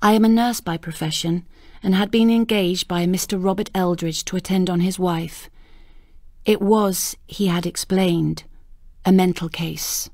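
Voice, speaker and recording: A woman narrating a ghost story audiobook in a measured, unhurried way. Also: on the low side, fairly even intonation, darkish tone, no room sound, clean studio sound.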